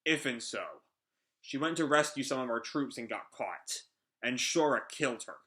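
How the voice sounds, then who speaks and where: A man voicing a calm, blunt male ex-gang member from a manga, speaking in a matter-of-fact way. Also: medium pitch, moderate pace, natural voice.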